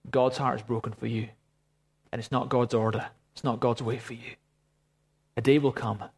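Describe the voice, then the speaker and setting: A man's voice: medium pitch, slightly rough. A man preaching a sermon, telling a story and then praying fervently. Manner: storytelling, rising to fervent prayer. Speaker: pastor.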